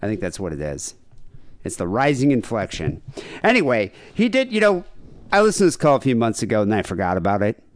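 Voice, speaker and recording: A male podcast host talks in a low voice that swings widely in pitch, mixing wry asides with read-out case notes. The sound is dry and close on a studio mic. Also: wildly swooping pitch, a little fast, no room sound. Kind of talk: casual chat, reading case notes.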